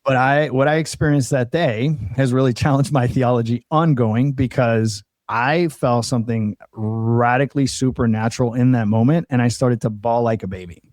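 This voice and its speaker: A man from Colombia tells his life story as a guest on a talk show, earnest and conversational. His voice is mellow and warm. The sound is close and dry, with no room around it. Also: mid-range voice, moderate pace, hardly any pauses, no echo. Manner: earnest storytelling, quoting others in dialogue. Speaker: podcast guest. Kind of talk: personal testimony in casual conversation.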